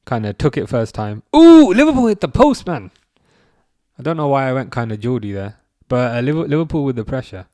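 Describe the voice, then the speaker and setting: A young man hosting a live football watchalong. He reacts to the match and answers chat, with excitable outbursts at big chances. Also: medium pitch, no echo, clean studio sound.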